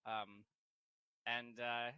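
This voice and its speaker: A man's voice: mid-range voice, little pitch movement, drawn-out words, clear, resonant tone, dry recording, lo-fi sound. A man narrating a tabletop game as game master, casual and laughing, swearing now and then.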